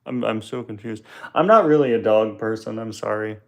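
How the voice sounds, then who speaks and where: A man's voice: fairly low pitch, moderate pace, vocal fry. Rambling young man on a livestream. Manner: rambling, joking, trips over words. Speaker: livestream host. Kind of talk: casual live Q&A chat. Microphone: phone on a tripod.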